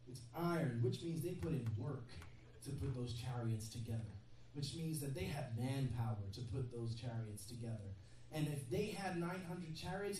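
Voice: medium pitch, dark tone, a little hiss or hum. A preacher giving a sermon in a conversational style, joking with the congregation in asides. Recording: very echoey hall, mic far off, faint ambience.

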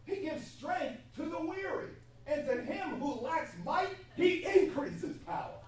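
A woman preaching a sermon in an animated, laughing way. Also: very high-pitched, unhurried. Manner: animated, laughing, acts out God's voice. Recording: echoey hall from far off, faint hum.

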